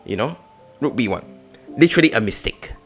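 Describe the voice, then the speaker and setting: A young man narrates his chess game move by move in a casual recap, his pitch swinging widely as he shifts from low muttered analysis to sudden loud excitement. Faint music plays underneath his voice. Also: fairly quick. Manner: animated, jumps between murmured analysis and loud outbursts. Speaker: chess streamer.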